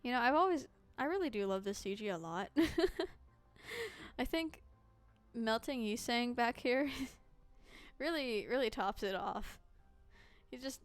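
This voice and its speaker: A woman's voice: fairly high pitch, expressive, takes it slowly, clean tone, no room sound, soft background music. A woman streamer giving casual, playful commentary while she plays a game, joking and laughing often.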